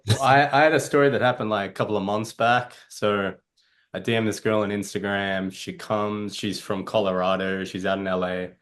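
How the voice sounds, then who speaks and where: A man's voice: on the low side, fairly even intonation, normal speed, fairly bright tone. A man, a dating coach, telling a rambling, profane story on a panel and laughing at himself.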